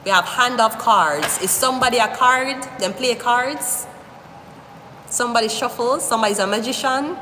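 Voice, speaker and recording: A woman's voice: on the high side, moderate pace. Woman reading tarot live. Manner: animated, rambling, profane, talks straight to the viewer. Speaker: tarot reader. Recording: echoey room with long reverb, faint hiss.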